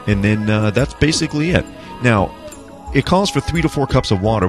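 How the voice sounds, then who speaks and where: A man hosting a home cooking show, talking casually and bluntly to the camera with some swearing. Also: low-pitched. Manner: blunt, profane, energetic. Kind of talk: casual talk to camera, recipe instructions.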